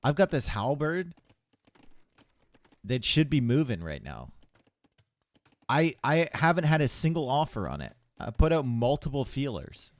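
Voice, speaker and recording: A man casting a live strategy game tournament, chatty and relaxed, chatting with viewers between plays from a home stream setup. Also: medium pitch, unhurried, pauses often, no echo. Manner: casual, chatty, talks to chat between plays. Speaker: tournament caster. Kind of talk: live esports commentary.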